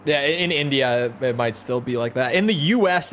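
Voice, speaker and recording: A man's voice: medium pitch, animated, moderate pace, few pauses, fairly bright tone. A man chatting casually to his viewers while playing a flight game, rambling and swearing freely. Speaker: gaming streamer. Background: game music and jet engine sounds.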